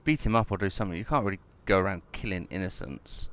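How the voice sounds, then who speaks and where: A man's voice: sits low, expressive, fast talker, a bit bright. Rambling man narrating gameplay. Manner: rambling, reads mission text aloud. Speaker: gameplay commentator. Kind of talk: casual gameplay commentary.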